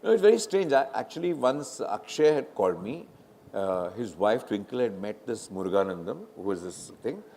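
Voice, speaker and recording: A middle-aged film director with an Indian English accent tells stories at a live fireside chat in a large hall, animatedly acting out quoted conversations. His voice is fairly low, gravelly, and at a normal speed, with a little hiss or hum in the recording.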